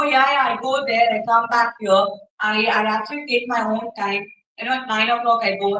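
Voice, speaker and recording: A woman with an Indian English accent giving an interactive workshop to students as a soft skills trainer, often checking in with the audience and demonstrating gestures. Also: fairly high pitch. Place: university hall. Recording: roomy hall, mic far off.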